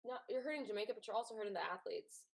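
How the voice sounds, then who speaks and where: A woman's voice: mid-range voice, racing, creaky, poor audio. A woman co-host with a mid-range voice talks through results in casual chat. Her delivery is rambling and conversational, with a loose, easy pace.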